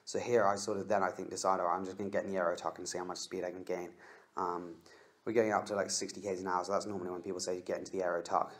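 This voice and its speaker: A young Australian man rambling in a casual voice-over over his own race footage, excitable and full of fillers. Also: low voice, very fast. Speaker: cycling vlogger.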